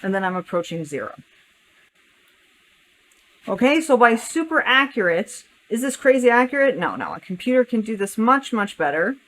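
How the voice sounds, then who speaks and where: A woman's voice: on the high side, big pitch swings, moderate pace, a bit bright, poor audio. Woman talking through a calculus sketch. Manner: thinking aloud while drawing, self-correcting. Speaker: math teacher. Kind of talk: step-by-step calculus lesson.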